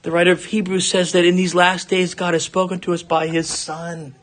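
A man's voice: sits high, flat delivery, fairly quick, fairly bright tone. A man preaching an earnest expository sermon from the pulpit as a pastor.

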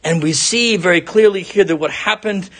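Husky-voiced man preaching a sermon. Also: high-pitched, normal speed, fairly bright tone. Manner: earnest expository preaching. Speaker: pastor.

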